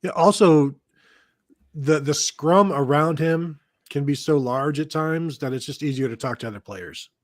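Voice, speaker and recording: A man's voice: a little high, unhurried, no room sound, studio quality. A man co-hosting a sports podcast, talking casually with loose, rambling sentences. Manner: loose, rambling delivery with fillers. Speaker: podcast co-host.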